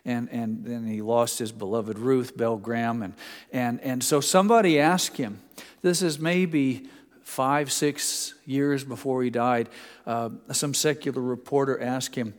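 A man preaching a sermon in a conversational way, often slowing down and dropping to a hush for emphasis. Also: mid-range voice, steady tone, big-room sound. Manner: conversational preaching with many restarts, slows and hushes for emphasis. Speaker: pastor.

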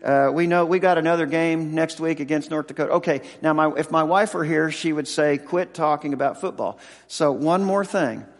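A man in his sixties, a pastor and football chaplain, preaching a sermon with halting, emotional storytelling and many restarts. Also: on the high side, in a large hall. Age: 60s.

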